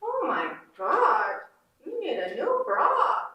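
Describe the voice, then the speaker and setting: A woman's voice: high-pitched, huge pitch swings, slow pace, bright, forceful tone, pitched above the performer's own voice, full character voice. A woman reading a story aloud, voicing a dead mother who speaks through a smart speaker, bossy and affectionate by turns. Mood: chatty. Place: conference room. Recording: roomy hall from far off.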